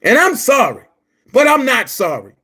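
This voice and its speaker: A man delivering a heated, profane rant to his viewers, shouting at times. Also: very high-pitched, wildly swooping pitch, moderate pace, slightly rough. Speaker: commentary vlogger. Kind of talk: angry rant to camera.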